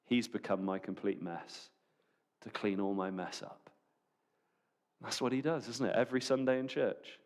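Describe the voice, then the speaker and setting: A man preaching a sermon at a church service, animated and conversational, full of rhetorical questions. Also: medium pitch, clear, resonant tone.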